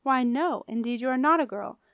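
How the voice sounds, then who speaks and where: A woman reading the part of a kindly, wistful middle-aged male ghost who speaks softly and formally with a sing-song northern lilt. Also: high voice, brisk, no echo, clean studio sound. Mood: gentle. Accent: sing-song northern accent. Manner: soft-spoken, courteous and formal.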